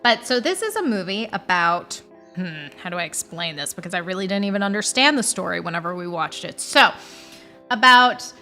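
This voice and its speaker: A woman's voice: on the low side, big pitch swings, a little fast, bright, forceful tone, faint music behind. A woman co-hosting a casual podcast, talking about movies in an enthusiastic, giggly way. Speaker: podcast co-host.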